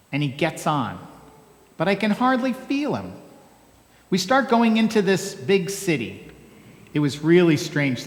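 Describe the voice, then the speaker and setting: Humble old-timey donkey fella, a pastor reading him out, slow, wry little asides, echoey church hall. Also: male voice, sits high, a bit bright, pitched above the performer's own voice, heavily acted. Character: humble plainspoken male donkey telling his story.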